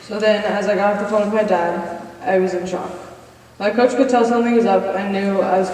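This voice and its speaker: A woman's voice: mid-range voice, fairly even intonation, brisk, a little mellow. A woman in her twenties giving a personal testimony in chapel, earnestly reading from notes and cueing slides. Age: 20s. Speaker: college senior speaker. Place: chapel hall. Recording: echoey hall from far off.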